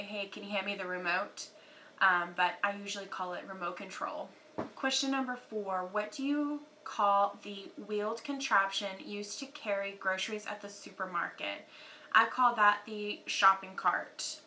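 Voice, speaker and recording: A woman's voice: medium pitch, sharp tone, slight background noise, poor audio. A young woman from Texas with a Texan accent, chatting casually to her viewers with lots of ums and y'alls. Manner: chatty, many fillers, says y'all. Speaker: beauty YouTuber. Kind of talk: casual chat to camera.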